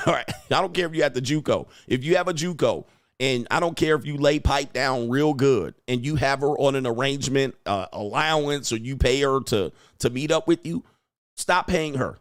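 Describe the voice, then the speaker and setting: A blunt man holds forth on his livestream, hammering his points home and saying them twice for emphasis. His voice sits at an ordinary middle pitch and sounds close and dry, with no room around it. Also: moderate pace, no room sound. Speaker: host. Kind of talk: livestream commentary.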